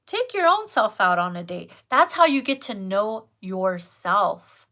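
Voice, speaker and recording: A woman's voice: mid-range voice, very animated, measured pace, bright, forceful tone. A woman giving a casual tarot card reading who talks straight to her viewers, blunt and full of swearing. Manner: profane, blunt and emphatic. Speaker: tarot reader.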